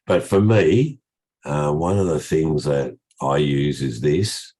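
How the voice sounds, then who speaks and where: An older man hosts a trading session over a video call, his voice extremely deep and low. A cold leaves it croaky and husky, and he talks in a loose, rambling way with lots of restarts. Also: takes it slowly, warm tone. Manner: rambling, restarts often, chatty. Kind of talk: casual live trading session talk.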